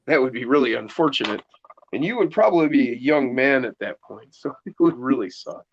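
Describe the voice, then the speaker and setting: A man's voice: medium pitch, a little fast, muffled recording. A man chatting casually and joking around on a remote line. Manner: joking, lively. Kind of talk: casual chat.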